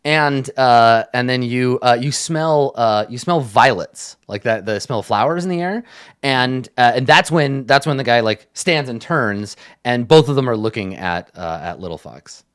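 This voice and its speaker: A man's voice: medium pitch, expressive, normal speed, a bit bright, smooth. Rambling man narrating a tabletop game. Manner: rambling, with many fillers and restarts. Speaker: game master.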